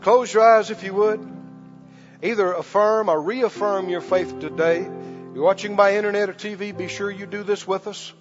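High-voiced pastor preaching with fervor. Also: male voice, fairly even intonation, normal speed, dull audio, soft background music. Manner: storytelling, then fervent prayer and praise. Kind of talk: sermon.

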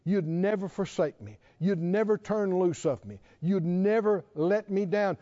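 A man preaching a sermon with impassioned, emphatic delivery that climbs to forceful peaks. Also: high-pitched, measured pace. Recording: dull lo-fi sound with long reverb.

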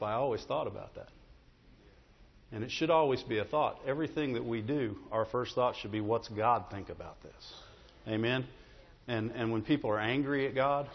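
A pastor with a medium-pitched, slightly breathy voice preaches a conversational sermon, often checking in with the congregation by repeating "Amen?" and "Right?" The recording is dull, with long hall reverb.

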